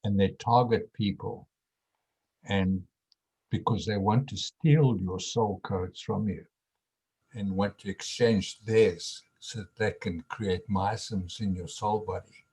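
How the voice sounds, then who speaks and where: A man's voice: lowish voice, steady tone, slow pace, darkish tone, poor audio. A man speaking as a guest teacher in a casual spiritual conversation over a video call, earnest and repeating his words.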